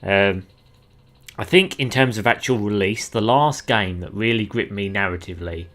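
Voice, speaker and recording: A man's voice: lowish voice, normal speed, a bit bright. A man giving casual let's-play commentary in a chatty, rambling way with frequent laughs. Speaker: gaming streamer.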